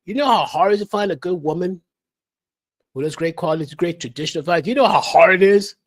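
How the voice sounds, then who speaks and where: A man's voice: high-pitched, fast. A man hosting a livestream, ranting emphatically with a lecturing, repetitive delivery. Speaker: livestream host. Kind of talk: opinion rant on a livestream.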